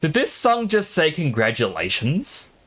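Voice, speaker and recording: A man's voice: fairly high pitch, wildly swooping pitch, unhurried, fairly bright tone, a little hiss or hum. Sleepy man chatting while gaming. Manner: rambling, chatty, laughs often. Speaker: streamer. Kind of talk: casual gaming stream chat.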